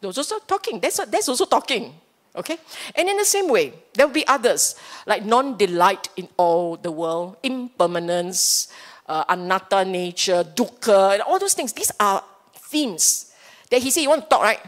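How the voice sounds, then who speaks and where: A woman teaching the Dhamma in Singaporean-accented English, in a middle pitch for a woman. She is playful and animated, slips into little acted-out inner voices and keeps checking in with her listeners. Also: normal speed. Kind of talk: Dhamma talk to a live audience. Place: Buddhist temple hall.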